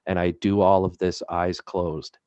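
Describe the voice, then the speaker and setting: Deep, flat-voiced male player. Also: clear, resonant tone, no echo. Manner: deliberate, with fillers. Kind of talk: describing actions in a tabletop game.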